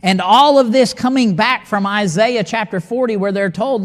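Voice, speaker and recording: A man delivers a sermon in a voice pitched high for a man. He moves between reading scripture and dramatic asides where he acts out his listeners' doubts. The sound carries a long reverb tail like a large hall. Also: normal speed. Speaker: preacher.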